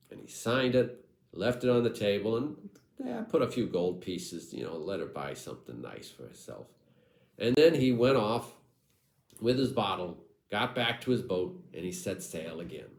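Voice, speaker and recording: A man's voice: fairly low pitch, very animated, moderate pace, gravelly, reverberant, rough recording. A man telling a comic folk tale with wry, irreverent asides to his audience. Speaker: storyteller.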